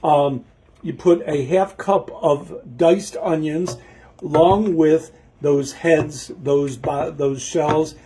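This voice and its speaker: A man hosts a home cooking show, his fairly high voice steady and warm as he takes things slowly. Chatting to himself in a rambling way, he often loses his place in the recipe. There's a little hiss or hum on the recording.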